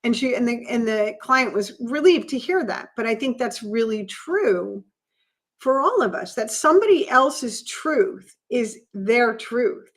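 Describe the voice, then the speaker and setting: A woman's voice: fairly high pitch, lively intonation, measured pace. A woman co-hosting a podcast as a coach, speaking earnestly and reflectively in casual conversation. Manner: earnest, reflective, shares personal stories.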